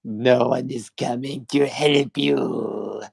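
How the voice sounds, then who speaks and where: A man putting on a theatrical, teasing impersonation of a menacing character, with a gravelly, creaky voice. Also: mid-range voice, fairly even intonation, takes it slowly, darkish tone, dry recording, studio quality, pitched below the performer's own voice, heavily acted. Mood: mock-menacing.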